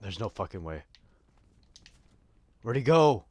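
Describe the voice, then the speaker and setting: A man's voice: on the low side, sing-song, takes it slowly, darkish tone, breathy edge, no echo. A man giving casual gameplay commentary, rambling and joking crudely with a lot of swearing. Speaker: gaming streamer.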